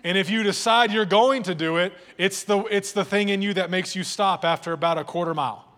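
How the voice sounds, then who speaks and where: A man preaching in church, his speaking voice sitting a bit higher than most men's. He talks in a loose, conversational way, often restarting phrases and teasing the congregation. The sound rings with the long reverb of a big room. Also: fairly quick, fairly bright tone. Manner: conversational preaching with repeated words and audience jokes. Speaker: pastor. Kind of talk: sermon. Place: church hall.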